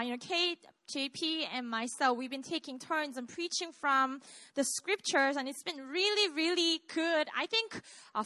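Bright high-voiced Korean-accented woman pastor. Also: no echo. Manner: chatty, self-deprecating, asks the congregation questions. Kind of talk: live sermon. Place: church with live congregation.

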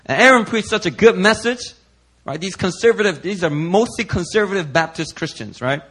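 A man preaching, telling a chatty testimony in an animated, storytelling way with lots of fillers. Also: high-pitched, brisk, husky.

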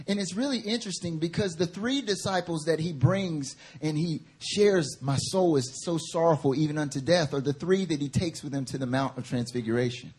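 Male preacher, high husky voice, fervent sermon delivery that swells into passionate appeals. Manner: builds from quiet teaching to fervent, rising preaching. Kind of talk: sermon at a prayer meeting.

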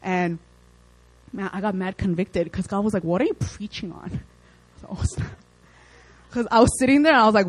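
A young woman preaching a casual, lively sermon, with chatty asides and playful acted quotes. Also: mid-range voice, moderate pace, dry recording, low-quality recording.

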